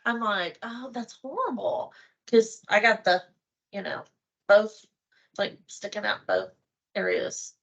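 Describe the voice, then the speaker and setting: A middle-aged woman with a bright, clear voice chats casually as a guest. She is a lively storyteller who acts out her own thoughts as she talks. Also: mid-range voice, takes it slowly, pauses often, lo-fi sound. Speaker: host's wife, guest. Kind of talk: casual chat.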